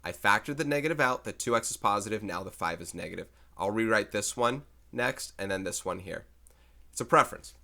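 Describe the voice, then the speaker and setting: A male math teacher talks his way through algebra problems for a recorded lesson. He chats casually and thinks aloud as he goes. His voice sits fairly low but sounds bright and forceful. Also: expressive, fairly quick, creaky. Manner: chatty, thinks aloud while solving problems.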